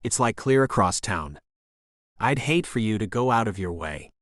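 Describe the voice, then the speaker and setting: A man's voice: lowish voice, lively intonation, moderate pace, fairly bright tone, dry recording, clean studio sound. A man voicing a nervous young woman in an audiobook, playful but keeping her distance. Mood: guarded.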